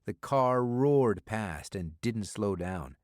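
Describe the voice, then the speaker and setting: Low-voiced male thriller narrator. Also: no room sound, clean studio sound. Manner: steady, measured storytelling. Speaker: audiobook narrator.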